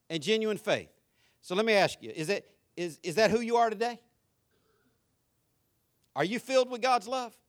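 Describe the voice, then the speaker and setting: A man, preaching a sermon in a church, swinging from loud passion to hushed intimacy and telling folksy stories full of rhetorical questions. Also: high-pitched. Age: 50s. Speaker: pastor.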